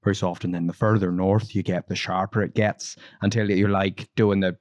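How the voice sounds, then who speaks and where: A man with a fairly low voice co-hosts a casual podcast and tells rambling stories. He often restarts his sentences and laughs along as he talks. The sound is dry and close. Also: level tone, moderate pace, darkish tone, dry recording. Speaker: podcast co-host. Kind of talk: casual chat, storytelling.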